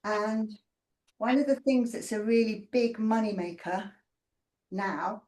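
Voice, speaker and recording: A woman's voice: on the high side, slow pace, a little mellow. A woman chatting casually during a workout session and asking curious questions. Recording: roomy echo.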